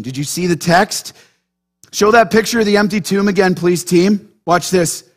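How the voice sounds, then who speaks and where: A man preaching a sermon as pastor, animated and quizzing his congregation with frequent questions. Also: high-pitched, normal speed. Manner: animated, keeps checking in with the congregation through questions.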